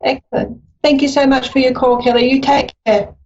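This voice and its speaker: A woman's voice: sits high, fairly even intonation, normal speed, a little mellow, lo-fi sound. A woman with an Australian accent hosting a live psychic call-in radio show, talking in an encouraging, rambling way with many fillers.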